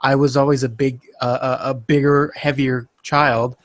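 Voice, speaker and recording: A man speaking as a guest in a casual podcast conversation, with a voice of ordinary middle pitch. He talks in an earnest, reflective way. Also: flat delivery, normal speed.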